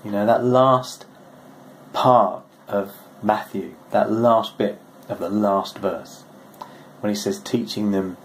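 A male pastor giving a short, gentle, conversational devotional, reading scripture aloud. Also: lowish voice, steady tone, takes it slowly, low-quality recording.

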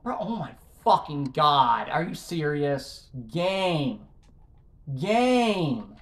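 A man's voice: on the high side, expressive, slow pace, fairly bright tone. A young man commentating his own gameplay, frustrated and swearing at the game as he keeps failing jumps. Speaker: gaming YouTuber. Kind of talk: let's play commentary.

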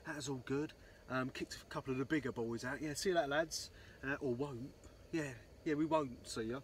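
A man's voice: medium pitch, steady tone, moderate pace, slight background noise. A man telling a rambling fishing story, swearing constantly and saying "um, so anyway" a lot. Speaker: angler vlogger. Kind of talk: casual storytelling.

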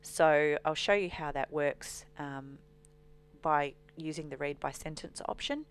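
A woman walking through a software demonstration as a trainer, explaining steadily with frequent ums. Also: low-pitched, a little slow, a little hiss or hum.

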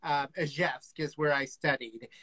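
A man hosts a relaxed video-call chat with a bright, crisp voice. The sound is dry and close. He chimes in often with eager, quick interjections. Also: a little high, dry recording. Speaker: interview host.

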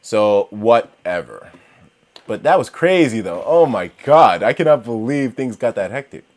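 A man narrating a game run in a lively voice that leaps up and down in pitch. He swears freely, shouts at the monsters on screen, and keeps turning to his viewers to chat about what just happened. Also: unhurried. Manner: talks straight to viewers. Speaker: gaming commentator. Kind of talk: let's-play commentary.

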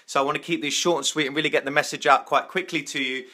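A man's voice: mid-range voice, little pitch movement, fast talker, hardly any pauses, pushed and bright. A man hosting a live-streamed motivational talk, repeating his key phrases for emphasis and restarting sentences as he goes. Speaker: motivational vlogger.

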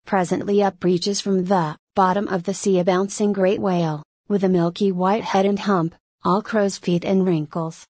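A woman's voice: medium pitch, flat delivery, normal speed, hardly any pauses, a little mellow, no room sound, close to an everyday voice. A woman reading as a good-humored one-armed English captain. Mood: yarn-spinning. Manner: rambling, good-humored storytelling.

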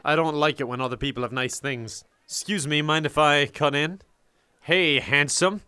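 Excitable Irish gaming commentator. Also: male voice, a little high, fairly quick, smooth, some chatter behind. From Ireland. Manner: excitable, joking, often laughing and yelling. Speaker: gaming YouTuber. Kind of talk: gameplay commentary.

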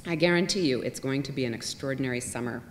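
A woman reader voicing a wistful, emotional father in her own low voice, speaking earnestly to a stranger. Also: fast. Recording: long reverb, faint rumble.

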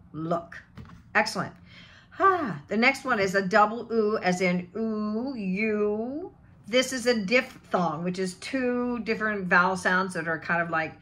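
A woman's voice: medium pitch, pushed and bright. A woman teaching a pronunciation lesson, giving tongue and lip directions and drawing out example words one by one. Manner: demonstrates vowel sounds with slow drawn-out example words. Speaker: voice and accent coach.

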